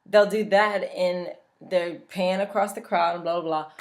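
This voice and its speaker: A woman's voice: fairly low pitch, fairly even intonation, unhurried, hardly any pauses. A young woman from Louisiana, chatting casually and bluntly, swearing freely as a vlogger. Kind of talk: casual chat.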